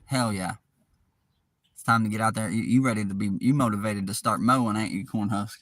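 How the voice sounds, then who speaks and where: A man's voice: on the low side, steady tone, brisk, fairly bright tone. A man hosting a casual live stream, laid-back and chiming in with short replies.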